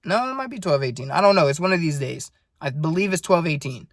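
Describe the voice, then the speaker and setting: A man's voice: fairly high pitch, lively intonation, quick pace, no room sound, studio quality. A nineteen-year-old man rambling in a casual video diary, earnest and full of swearing. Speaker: vlogger.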